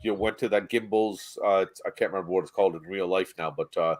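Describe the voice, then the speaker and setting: A man's voice: low-pitched, fast talker. A man co-hosting a podcast, telling travel stories in casual chat and swearing freely. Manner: animated storyteller, swears freely. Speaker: podcast co-host.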